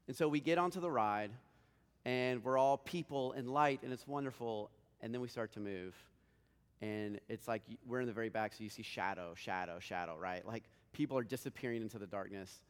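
A man's voice: mid-range voice, fairly quick, clear, resonant tone. Earnest male pastor preaching in a reverberant hall. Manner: earnest, conversational preaching with dynamic swells and soft drops. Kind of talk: sermon. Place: church sanctuary.

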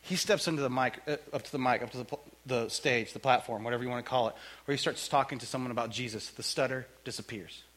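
A male pastor preaching a sermon in a church, joking and conversational in an animated way. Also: medium pitch, fast.

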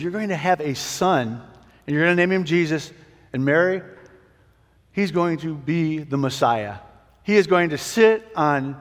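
Guy playing a calm reassuring angel, steady, kinda soft, big reverb. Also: a little high, natural voice. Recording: long hall reverb.

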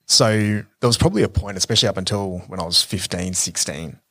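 Man telling stories, low dry voice. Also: quick pace, bright, forceful tone, husky, no echo. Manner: reflective storytelling with many fillers. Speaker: podcast co-host. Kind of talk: casual conversational chat.

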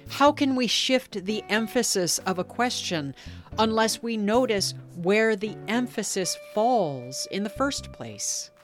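A woman podcast host in gentle, contemplative narration and reflective conversation. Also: medium pitch.

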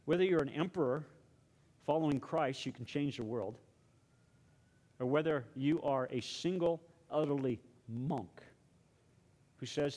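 A male pastor delivering a sermon with dramatic storytelling. His voice sits a little high. He goes quiet and hushed when he leads prayer. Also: unhurried, pauses often.

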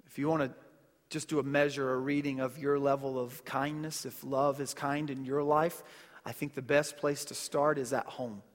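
A man's voice: mid-range voice, flat delivery, normal speed, in a large hall. A man in his thirties preaching a sermon as a pastor, in a conversational style with stories and rhetorical questions to the congregation. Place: church sanctuary.

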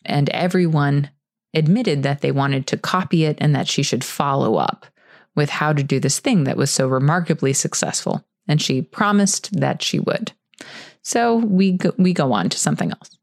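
A woman's voice: low-pitched, normal speed, a little mellow, dry recording, studio quality. A middle-aged woman hosting a career advice show, telling a story from her own work in a candid, conversational way. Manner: candid, conversational, self-correcting. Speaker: podcast host.

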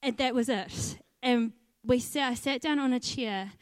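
In her personal testimony, a young woman who heads a volunteer team shares an earnest faith story about her volunteering, chuckling at herself along the way. She speaks on the high side, smooth and unhurried, with no room sound.

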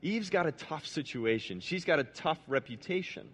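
Man w fairly high voice preaching a chatty sermon, asks the crowd stuff, restarts a lot, goes low and quiet for emphasis. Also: animated, moderate pace. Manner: conversational, asks the audience questions; restarts and repeats words, dropping low and soft for emphasis.

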